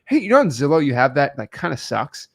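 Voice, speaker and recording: A man co-hosting a casual business show, telling lively stories and answering viewer questions. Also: vocal fry, breathy edge. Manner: animated storyteller, quick shifts in pitch.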